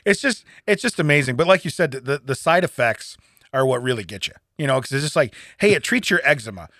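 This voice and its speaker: A man co-hosting a comedy podcast, telling stories in a casual, animated way and laughing often. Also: mid-range voice, normal speed, a little hiss or hum. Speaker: podcast co-host. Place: podcast studio.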